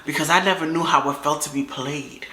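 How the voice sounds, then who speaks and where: A young woman telling a story from her life in a casual, animated, dramatic way, full of slang. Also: low voice, a little fast, slight background noise. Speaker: storytime vlogger. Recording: roomy echo.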